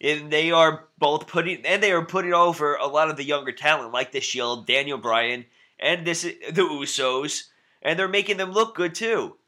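A man's voice: fairly high pitch, moderate pace, pushed and bright. A man co-hosting a wrestling podcast, chatting casually and enthusiastically, often restarting his sentences. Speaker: podcast co-host.

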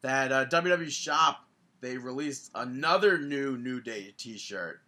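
A man trades casual banter as a podcast co-host. His voice carries a bright, forward edge. He tells stories with excited leaps in pitch. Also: a little slow. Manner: animated storyteller, jumps in pitch when excited. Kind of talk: casual wrestling podcast chat.

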